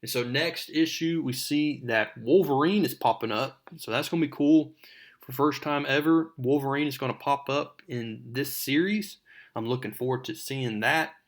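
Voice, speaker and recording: A man with an ordinary mid-range voice hosting a comic book recap. He retells the plot loosely, drifting in and out of the characters' lines, and talks straight to his audience in a relaxed, conversational way. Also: medium pitch, moderate pace. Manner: conversational, addresses viewers directly. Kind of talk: casual comic recap narration.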